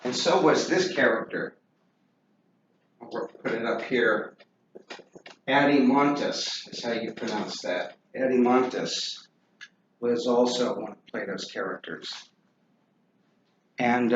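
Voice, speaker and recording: Slow, halting male lecturer in echoey room. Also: medium pitch, a bit bright. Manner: halting, many ums and uhs, spells names aloud. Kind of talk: recorded classroom lecture. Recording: roomy, dull lo-fi with faint noise.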